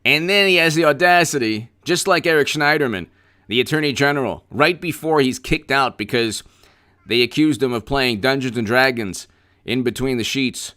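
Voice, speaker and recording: A man's voice: medium pitch, moderate pace, sharp tone. A man hosting a political commentary livestream, talking in a sarcastic, rambling way with stammered repeats.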